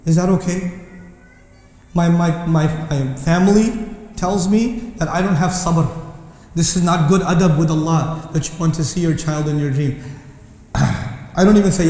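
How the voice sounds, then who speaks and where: A man giving an impassioned lecture on Quran verses, mixing English with Arabic recitation and rising to near shouting. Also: on the high side, unhurried. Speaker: Islamic lecturer. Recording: echoey hall reverb.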